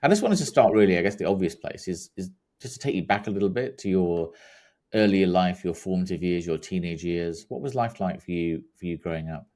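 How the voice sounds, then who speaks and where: Male interview host, very deep voice, measured and gentle delivery. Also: animated. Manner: measured, formal introduction then gentle questions. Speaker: podcast host.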